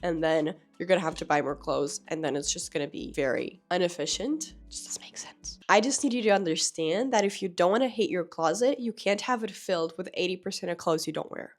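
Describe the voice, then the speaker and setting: A young woman fashion vlogger with a hoarse, cracking voice from being sick, chatting casually and opinionated to camera. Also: lowish voice. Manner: chatty, opinionated, lightly joking.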